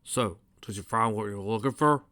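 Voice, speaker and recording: Guy doing a big shy farm stallion, slow drawl, kind. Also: on the low side, pushed and bright, no room sound. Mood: polite.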